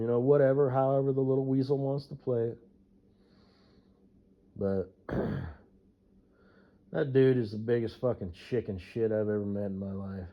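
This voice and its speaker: A man in the middle of his usual pitch range rants loosely about a coworker, cursing freely and chuckling to himself between thoughts. His talk wanders and doubles back. The recording sounds muffled and lo-fi. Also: fairly even intonation, normal speed. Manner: profane, rambling, mutters and laughs to himself. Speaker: truck driver. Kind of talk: casual ranting monologue. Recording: dull lo-fi recording.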